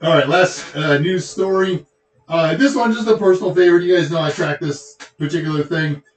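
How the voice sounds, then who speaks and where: A man's voice: a little high, a little fast. A middle-aged man with a Texan accent, hosting a tech show in a casual, rambling way full of joking asides. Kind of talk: casual livestream chat. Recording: echoey room.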